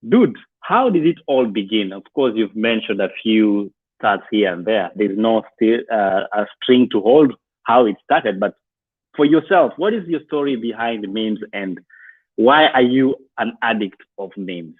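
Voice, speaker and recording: A man co-hosting an online show, measured and announcer-like as he introduces his guest. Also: fairly low pitch, animated, dry recording. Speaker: co-host. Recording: dry, phone-like line.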